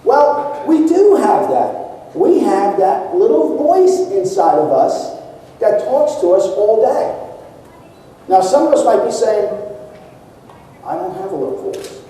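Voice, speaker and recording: A man's voice: very high voice, very animated, slow pace, mellow, recorded from a distance. A man giving a motivational conference keynote, speaking emphatically and asking the audience rhetorical questions. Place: large conference hall. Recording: echoey hall recorded from afar.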